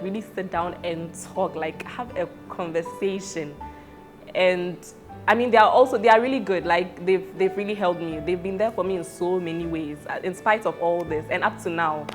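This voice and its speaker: Chatty woman full of fillers. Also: mid-range voice. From Ghana. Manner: chatty, laughs often, many fillers like "like". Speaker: mother sharing her experience. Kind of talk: casual chat.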